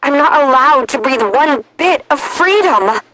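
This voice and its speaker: A woman's voice: high-pitched, animated, a little slow, sharp tone, slight background noise, pitched above the performer's own voice, heavily acted, rough recording. A woman reading a storybook, voicing a frustrated young girl in mourning who talks intensely and with emphasis.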